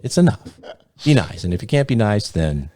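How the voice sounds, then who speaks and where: A man's voice: mid-range voice, animated, a little fast, a little mellow, slight background noise. A man hosting a podcast, giving blunt, profane, sarcastic commentary in a casual way. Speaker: podcast host.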